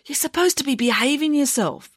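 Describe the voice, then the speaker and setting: A woman's voice: high voice, expressive, fairly quick, no room sound, clean studio sound, pitched above the performer's own voice. A woman voicing a timid teenage boy who stammers and frets. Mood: flustered. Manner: stammering, fussy and earnest.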